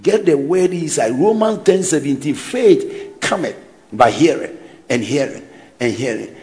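A man preaching a sermon in an animated way, shouting and mocking people's voices. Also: on the high side, a little slow.

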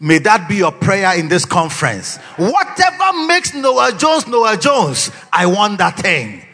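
A man preaching a sermon to a pastors' conference, breaking into shouts and sung phrases. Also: high-pitched, sing-song, slow pace. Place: conference hall. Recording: long hall reverb, faint music.

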